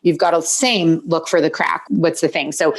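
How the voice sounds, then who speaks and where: A woman's voice: low-pitched, steady tone, normal speed. A woman hosting a podcast interview, chatting in an upbeat, playful way and laughing between her questions. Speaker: podcast host. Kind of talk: casual interview chat.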